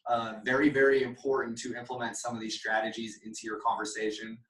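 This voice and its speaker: A man's voice: medium pitch, monotone, fast talker, a bit bright. A man leading a sales meeting, coaching his team and acting out sample phone calls. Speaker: sales trainer. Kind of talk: casual sales meeting talk. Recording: echoey room, mic at a distance.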